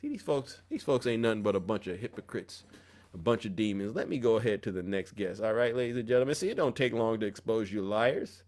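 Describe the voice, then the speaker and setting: A man's voice: lowish voice, animated, fairly quick, darkish tone. A man hosting a live stream with a confrontational, preachy manner, calling out viewers in chat. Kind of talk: heated political live stream rant.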